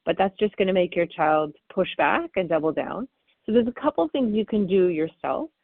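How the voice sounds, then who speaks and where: A woman parenting expert answering interview questions, animated and acting out what parents and children say. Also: fairly low pitch, moderate pace, gravelly, no echo. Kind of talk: interview answers, explaining technique. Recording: phone-like dry call audio.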